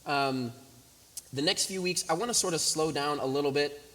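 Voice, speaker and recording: A man's voice: a little high, normal speed. A young man, a pastor for young adults, preaching a casual, conversational sermon and acting out a story. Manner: animated storytelling, voices the people in his story; casual, talks to the congregation directly. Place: church sanctuary. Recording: hissy room recording with long hall reverb.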